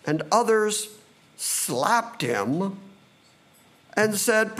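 A man preaching a sermon, reading scripture slowly and dramatically, then speeding up for asides. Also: fairly high pitch, very animated. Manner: slow and dramatic, quickening in asides.

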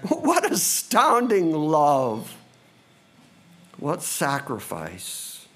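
A man preaching a sermon, reading scripture slowly and dramatically, then speeding up for asides. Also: on the high side, huge pitch swings, fairly bright tone, husky. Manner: slow and dramatic, quickening in asides.

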